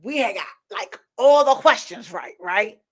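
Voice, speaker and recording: A woman hosting a candid talk show, telling stories in an animated way and often asking listeners "right?". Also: a little high, measured pace, slightly rough. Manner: animated storytelling, frequent rhetorical "right?" and laughter. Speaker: podcast host. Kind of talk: candid opinion talk addressing viewers.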